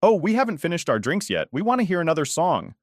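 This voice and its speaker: A man's voice: fairly low pitch, very animated, a little fast, fairly bright tone, no room sound, studio quality. A man narrating quotes in the voice of a mocking older mother who plays innocent and dismissive.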